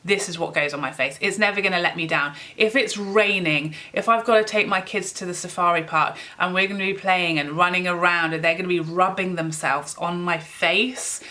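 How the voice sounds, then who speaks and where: A woman's voice: lowish voice, moderate pace, hardly any pauses, sharp tone. A woman, chatting casually to camera as a beauty vlogger, gushing and rambling. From England.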